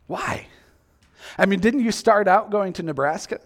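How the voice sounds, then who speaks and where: A man's voice: high voice, fairly quick, gravelly. A male preacher giving a sermon, acting out quoted reactions and asking the listeners many questions.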